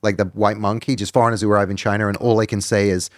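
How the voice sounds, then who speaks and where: A middle-aged man, a documentary director, talking as a guest in a casual podcast conversation, wry and animated, swinging between loud asides and quiet musing. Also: fairly low pitch, quick pace, no echo, clean studio sound. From Britain.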